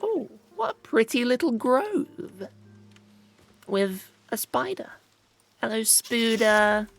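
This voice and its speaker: A British woman who hosts a gaming channel gives chatty, self-mocking let's play commentary, often addressing things in the game. Her high-pitched voice is sing-song and slow, gravelly, husky and a little mellow, with faint music in the background.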